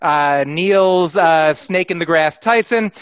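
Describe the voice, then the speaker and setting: Fast, rambling male stand-up comedian. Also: on the high side, clear, resonant tone, dry recording. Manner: fast, rambling, self-amused delivery. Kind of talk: live stand-up set over a livestream. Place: performing at home for an online show.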